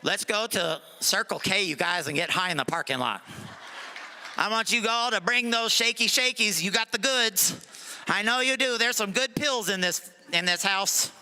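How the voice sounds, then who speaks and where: A man's voice: sits high, normal speed, bright, forceful tone, slight background noise. A man doing a stand-up comedy set on a club stage, joking loosely and bantering with the crowd. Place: comedy club stage before a live audience.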